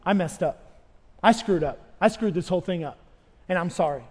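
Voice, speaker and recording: A man's voice: high voice, normal speed, a little mellow. Impassioned male pastor preaching in a reverberant hall. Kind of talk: sermon. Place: church sanctuary with long reverb.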